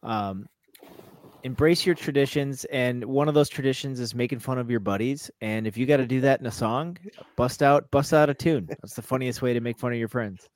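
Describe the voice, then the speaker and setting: Male podcast co-host, easygoing and jokey, mid-pitched voice, dry sound. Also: normal speed, dry recording. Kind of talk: casual podcast chat.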